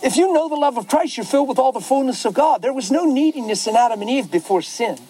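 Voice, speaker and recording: Man preaching fervently in a high voice. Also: expressive, fast, dark tone, rough recording. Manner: fervent, rising to emphatic exclamations. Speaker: pastor. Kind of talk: impassioned preaching in conversation.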